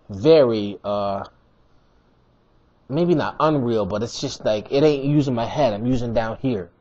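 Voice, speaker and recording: Husky man, highish voice, animated slangy fight-review rant, dull lo-fi recording. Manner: animated, slangy, emphatic repetition. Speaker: MMA commentator.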